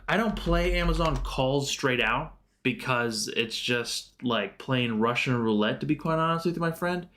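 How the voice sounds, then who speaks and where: A man's voice: medium pitch, lively intonation, a little slow, hardly any pauses, fairly bright tone. Chatty man talking through stock charts. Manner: loose and chatty, many fillers and self-corrections; answers viewer chat questions. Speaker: livestream host. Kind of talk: casual live stock market commentary.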